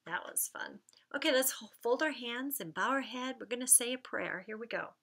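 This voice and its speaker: Woman, children's church talk, bright voice, animated pitch. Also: creaky. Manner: gentle, slow, speaking to young children. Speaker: children's message leader. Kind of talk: children's message storytelling.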